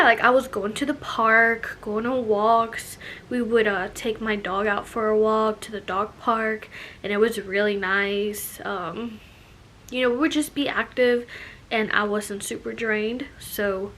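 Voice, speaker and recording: A woman's voice: medium pitch, a bit bright, slight background noise. A young woman chatting casually in a vlog, filling her talk with "like" and "you know", a little out of breath. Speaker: vlogger. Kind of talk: casual pregnancy update vlog.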